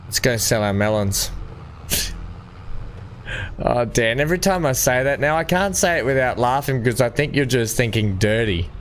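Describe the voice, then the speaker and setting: Casting: young male streamer, mid pitch, easygoing chat with chat, laughs a lot. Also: expressive, normal speed, pauses often, slight background noise. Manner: chatty, laughs often while reading chat. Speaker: gaming livestream host. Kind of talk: casual chat with live viewers.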